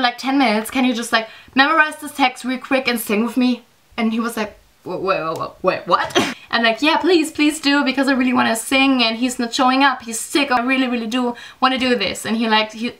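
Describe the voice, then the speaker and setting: A young woman whose first language is German tells a casual storytime vlog. Her voice is crisp and bright and sits a little high. She chats along with plenty of fillers and acts out what others said. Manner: chatty, acts out quoted voices, many fillers. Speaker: vlogger.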